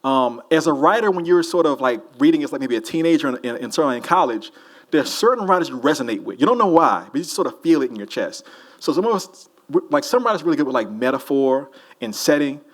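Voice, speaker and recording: A man's voice: fairly high pitch, expressive, fast. A man, an author answering audience questions at a festival in a loose, rambling, joking way. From New Orleans. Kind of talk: casual audience Q&A. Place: festival hall with a live audience.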